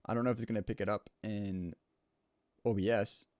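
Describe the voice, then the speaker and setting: An audio engineer explains home studio recording in a casual, explanatory way, speaking close to a studio microphone and repeating points to stress them. His voice is fairly low and darkish, with fairly even intonation and a brisk pace. There's no echo.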